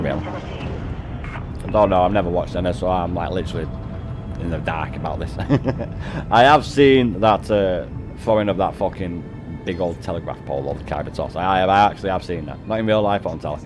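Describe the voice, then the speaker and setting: A man's voice: low-pitched, fairly quick, music in the background. A man, chatting casually on a game stream, swearing constantly and laughing often as he banters with his viewers. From North West England.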